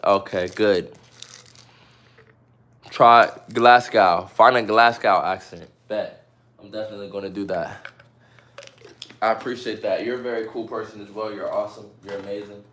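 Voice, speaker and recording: A man's voice: fairly low pitch, steady tone, moderate pace, sharp tone. Chatty guy on a stream, joking with chat, bit of echo in the room. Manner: chatty, playful, addresses viewers directly. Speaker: live streamer chatting with viewers. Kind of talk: casual live-stream chat.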